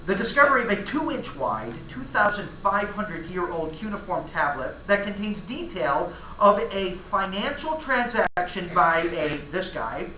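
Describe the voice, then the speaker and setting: A man leads a church Bible class, reading passages aloud and turning to his students with casual asides. His voice is bright and forceful. The room is roomy and echoey, with a faint hum of ambience behind him. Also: high-pitched.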